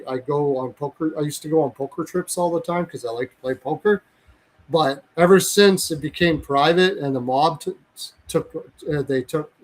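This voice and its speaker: A man's voice: a little high, rough recording. Blunt, profane man ranting casually. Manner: blunt, profane, rambling with self-corrections. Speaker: hockey podcast host. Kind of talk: casual opinionated chat.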